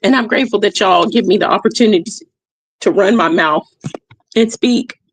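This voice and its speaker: A woman speaking in a dry, close-up way, with no room echo. She talks at a middle pitch as she hosts a motivational livestream, repeating her key lines with emphasis and checking in with "okay?" along the way. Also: normal speed, slightly rough. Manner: addresses listeners warmly as "y'all". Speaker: livestream host. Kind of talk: motivational reflection talk. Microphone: streaming mic.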